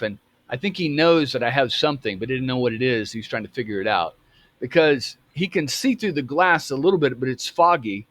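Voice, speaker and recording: A man in his fifties telling a personal story in a halting way, with many restarts. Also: mid-range voice, a bit bright, dry recording. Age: 50s. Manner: halting, full of restarts and fillers. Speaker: storyteller recounting a memory.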